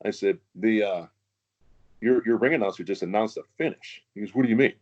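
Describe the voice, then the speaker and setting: A man's voice: fairly low pitch, brisk, darkish tone, muffled recording. A man, a former wrestler, telling stories in a casual podcast chat, laughing often and swearing freely.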